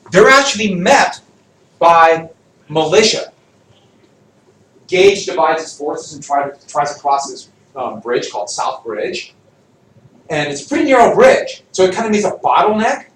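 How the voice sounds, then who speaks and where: A man with a high voice whose pitch swings widely teaches history and keeps quizzing his students as he goes. He is picked up from across an echoey classroom with faint room noise behind him. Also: recorded from a distance. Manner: animated, jokey, quizzes the class. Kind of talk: classroom lecture with student questions.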